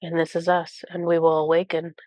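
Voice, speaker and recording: A woman with a cold, reading oracle cards and channeling messages for viewers in a halting, awestruck way with many pauses. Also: lowish voice, completely flat delivery, a little mellow, no echo. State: has a cold. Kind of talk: intuitive card reading to viewers.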